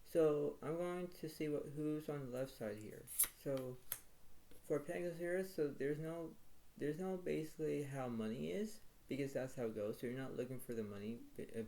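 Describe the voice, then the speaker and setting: A man's voice: medium pitch, warm tone, a little hiss or hum, rough recording. A man giving a weekly tarot reading, rambling and repeating himself as he names each card. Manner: rambling, repetitive, filler-heavy.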